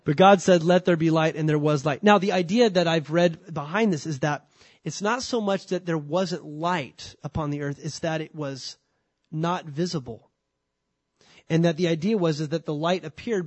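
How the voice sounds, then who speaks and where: A man's voice: on the high side, no echo. Man preaching a conversational sermon. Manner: conversational, dry humor, frequent restarts. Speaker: pastor. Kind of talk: sermon teaching on scripture.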